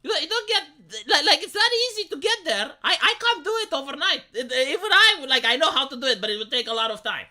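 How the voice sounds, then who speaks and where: Bright, animated ranting young woman. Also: sits high, quick pace, hardly any pauses. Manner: profane, exasperated, rambling with restarts. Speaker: live streamer. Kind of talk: ranting casual chat.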